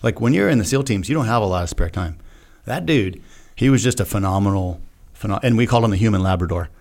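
A man's voice: on the low side, animated, quick pace, darkish tone. A middle-aged man, a retired Navy SEAL guest on a podcast, telling a personal story in a frank, earnest, casual way and acting out his own past remarks.

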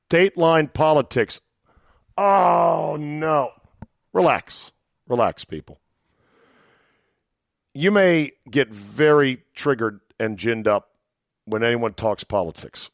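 A man's voice: expressive, takes it slowly, gravelly, pauses often, no echo, clean studio sound. A man hosting a solo podcast, casual and profane, with sarcastic, mock-dramatic asides. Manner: sardonic, mock-dramatic asides with sudden pitch jumps; profane and conversational. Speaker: podcast host.

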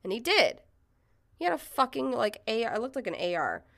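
A woman's voice: on the high side, very animated, fast, creaky. A young adult woman co-hosting a casual podcast, reading news articles aloud and breaking off into blunt, profane, indignant commentary. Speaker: podcast co-host.

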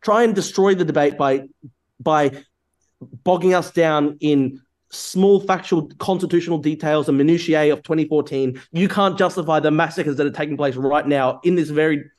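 A man's voice: fairly high pitch, moderate pace. A man from Australia debating over a video call, furious, swearing and interrupting. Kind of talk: heated online debate.

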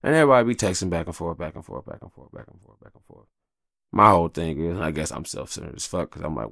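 A married man hosting his own podcast, talking casually and profanely in a rambling monologue, often jumping into exaggerated high voices. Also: quick pace, creaky, no echo, clean studio sound. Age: adult, married with kids. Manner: rambling, profane, animated, jumps into high-pitched quoted voices. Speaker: podcast host.

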